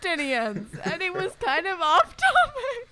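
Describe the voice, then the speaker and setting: A woman's voice: very high voice, wildly swooping pitch, moderate pace, heavy background noise. A woman co-hosting a casual chat over a video call, rambling and laughing often. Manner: rambling, giggly. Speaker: podcast co-host. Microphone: own mic on a video call.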